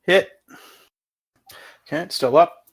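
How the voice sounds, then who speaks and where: A man's voice: on the high side, takes it slowly, creaky, husky. A man running a tabletop game as game master, matter-of-fact and asking about the rules.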